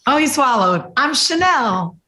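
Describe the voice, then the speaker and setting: A woman's voice: sits high, big pitch swings, a little slow, bright, forceful tone, roomy sound. A woman co-hosting a casual chat, teasing her co-host playfully.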